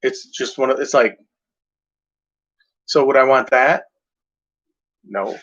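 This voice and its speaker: A man's voice: medium pitch, slow, a bit bright. Profane rambling man vlogging. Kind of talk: casual rambling monologue. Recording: muffled lo-fi recording.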